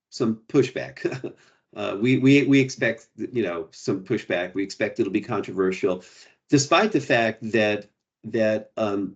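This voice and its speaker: A man's voice: lowish voice, highs cut off. A man presenting, answering audience questions in a hesitant, explanatory way with many restarts. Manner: hesitant, restarts, frequent "you know" and "right". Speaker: guest presenter. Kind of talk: academic Q&A answers.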